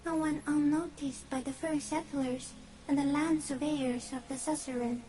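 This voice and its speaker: A woman's voice: high voice, steady tone, slight background noise, lightly acted, rough recording. A woman voicing an ancient eerie insect creature. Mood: calm. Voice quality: soft, drifting, often breathy. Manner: slow, otherworldly, halting phrases. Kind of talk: video game voice acting.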